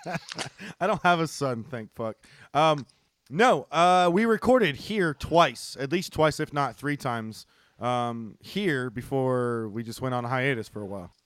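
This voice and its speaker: A man's voice: mid-range voice, lively intonation, measured pace, a bit bright, smooth, no echo, clean studio sound. A man co-hosting a casual podcast, teasing and laughing often. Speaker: podcast co-host. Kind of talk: casual banter.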